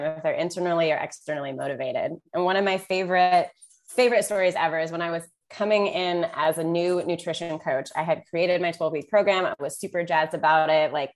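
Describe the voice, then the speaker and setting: A woman nutrition coach, a guest on a podcast, telling stories in a casual chat and turning animated when she quotes herself. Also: lowish voice, a little fast.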